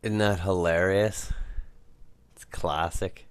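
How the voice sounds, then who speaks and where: Deep slow-talking man in casual chat. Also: clear, resonant tone, no echo. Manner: relaxed, amused commentary. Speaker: podcast host.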